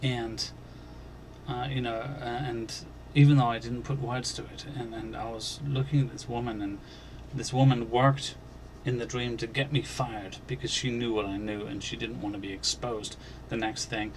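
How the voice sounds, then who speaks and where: A man hosting a Christian channel, earnestly recounting a dream as personal testimony, halting and restarting, and growing emphatic on key points. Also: medium pitch, steady tone, a little hiss or hum. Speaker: Christian video channel host.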